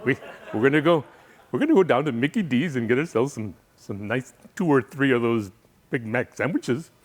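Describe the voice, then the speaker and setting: A man's voice: medium pitch, animated, moderate pace, natural voice. A man putting on a hearty Wisconsin working man with an exaggerated folksy drawl.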